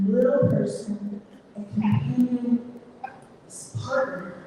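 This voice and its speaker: A woman's voice: fairly high pitch, lively intonation, measured pace, long pauses, a bit bright, a little hiss or hum. Wry woman telling a story live. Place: coffee shop. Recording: echoey, distant live recording.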